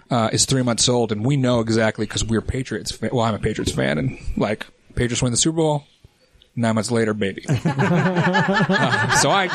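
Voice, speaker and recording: A man in his forties from the United States, a podcast guest chatting casually and laughing easily at himself. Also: mid-range voice. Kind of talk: casual interview chat.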